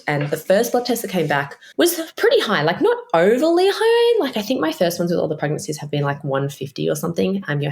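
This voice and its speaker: A woman's voice: low voice, creaky. An Australian woman in her thirties, hosting a podcast, candidly tells a personal story in a casual way, swearing freely and acting out what people said. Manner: candid, expressive, swears casually, acts out quoted voices. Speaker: podcast host.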